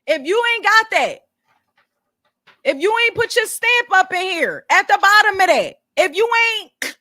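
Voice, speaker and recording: Woman, commentary vlog host, blunt, profane, high voice, dry close recording. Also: big pitch swings, measured pace, bright, forceful tone, no echo. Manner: blunt, profane, explains business details to viewers.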